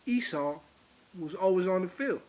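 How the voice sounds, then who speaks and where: A man's voice: sits high, expressive, moderate pace, a little mellow. A man giving an informal religious lecture, repeating points and speaking straight to his viewers. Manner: emphatic, repetitive, addresses viewers directly. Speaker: religious teacher.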